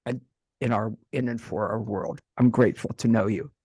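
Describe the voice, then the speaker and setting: A male host with a husky, slightly raspy voice praises his guest effusively, tripping over restarts. The sound is dry and close, with no room around it. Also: fairly low pitch, steady tone, normal speed, darkish tone, no echo. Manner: effusive, gushing, stumbling restarts. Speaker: radio show host. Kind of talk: casual interview talk.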